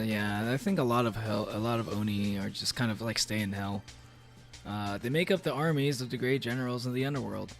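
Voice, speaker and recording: A man streaming casually, reading aloud and reacting with playful, rambling jokes in character as a demon, full of fillers and restarts. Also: medium pitch. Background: faint background music.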